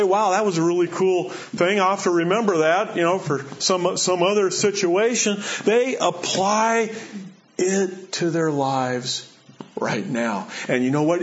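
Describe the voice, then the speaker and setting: Male preacher, slightly high voice, earnest and repetitive delivery, dull lo-fi recording. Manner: earnest, repeats key phrases, rises and drops in pitch for emphasis. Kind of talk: sermon. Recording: dull lo-fi sound.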